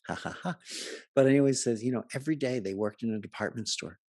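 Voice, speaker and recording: A man's voice: medium pitch, fast, darkish tone, no room sound, studio quality. A man giving a humorous talk to a live audience, telling chatty anecdotes and jokes and laughing at his own stories. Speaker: speaker presenting to a live audience. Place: live event before an audience.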